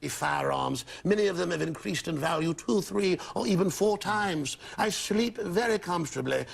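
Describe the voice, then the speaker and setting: A man, arguing fast and forcefully in a broadcast TV debate. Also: sits high, expressive, creaky, breathy edge. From Texas. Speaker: radio host in a TV debate. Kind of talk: heated TV debate. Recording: broadcast TV clip.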